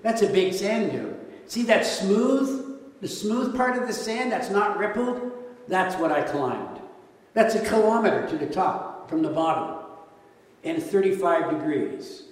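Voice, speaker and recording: Male pastor, jokey animated sermon, boomy reverberant hall, distant mic. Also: unhurried. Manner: animated, jokey, rhetorical questions. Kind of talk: sermon with slides. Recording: echoey hall from far off.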